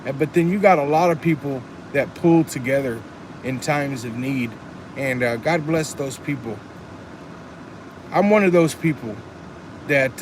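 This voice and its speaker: A man from Texas with a slightly high voice chats on a live stream, earnest and rambling as he reads chat comments aloud. There's a bit of background noise.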